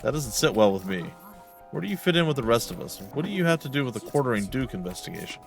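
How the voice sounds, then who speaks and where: A man gives voice to a composed boy detective who reasons everything through in a level, measured tone. He sounds quietly curious and precise, like a video game brainiac. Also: mid-range voice, big pitch swings, gravelly, over music. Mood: thoughtful. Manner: measured, analytical. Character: calm analytical boy detective in a wheelchair.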